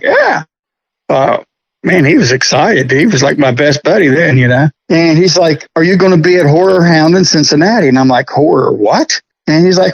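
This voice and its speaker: A middle-aged man telling stories about restoring a prop in a casual interview, folksy and quick to laugh. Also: fairly high pitch, creaky, no echo, poor audio. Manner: chatty, folksy, laughs often.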